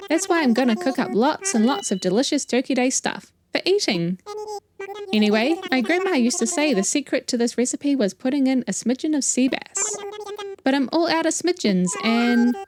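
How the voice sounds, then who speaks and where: A woman's voice: high voice, lively intonation, normal speed, crowd noise. New Zealand woman reading a silly bear cub. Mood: jolly. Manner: reading game dialogue aloud playfully. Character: cheerful young male bear cub, food-loving and silly.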